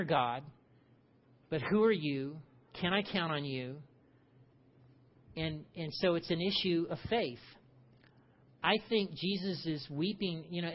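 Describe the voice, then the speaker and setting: A man preaching a conversational sermon, animated and full of rhetorical questions. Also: fairly high pitch, muffled recording. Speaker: pastor.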